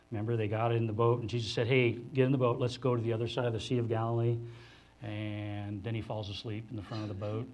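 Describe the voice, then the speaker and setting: Guy pastor giving a sermon, middle pitch, chatty and animated, talks right to the room. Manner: animated, acts out the disciples' voices in higher pitch; conversational, with restarts and asides to the congregation. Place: church hall before a congregation.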